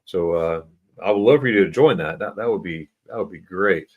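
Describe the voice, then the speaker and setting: An American man hosting a casual livestream chat, reading viewer comments aloud and slowly sounding out German words. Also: deep voice, phone-quality sound. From United States. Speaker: livestream host. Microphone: computer mic for a livestream.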